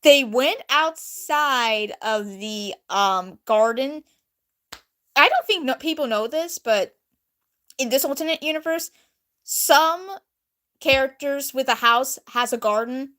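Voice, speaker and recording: Speaking slowly in a high voice, a young woman who vlogs shares a casual story about an old drawing she's reading. Her manner is animated and giggly, with plenty of laughs in the chatter.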